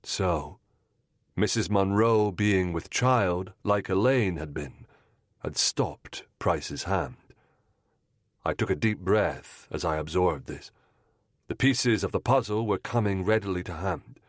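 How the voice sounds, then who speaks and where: A man reading a first-person audiobook with a low voice. His delivery is measured and composed. The recording is dry and close, with no echo. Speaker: audiobook narrator. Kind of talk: scripted first-person narration.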